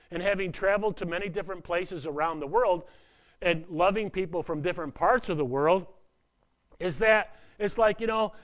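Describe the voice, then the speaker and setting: A man preaching a sermon in a conversational way, with asides, swinging from hushed words to loud emphasis. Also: sits high, normal speed. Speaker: pastor.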